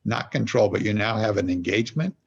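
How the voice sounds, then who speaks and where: A man's voice: on the low side, fairly quick, vocal fry, husky, muffled recording. A man as a podcast guest and executive coach, talking in an earnest, meandering way and explaining his ideas through everyday examples. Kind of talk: reflective conversational storytelling.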